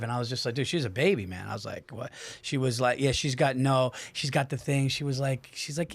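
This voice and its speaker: A man in his forties hosting a podcast, telling quick stories and acting out the people in them. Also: mid-range voice, vocal fry, breathy edge. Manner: rapid storytelling, acts out voices. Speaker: podcast host. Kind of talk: casual chat.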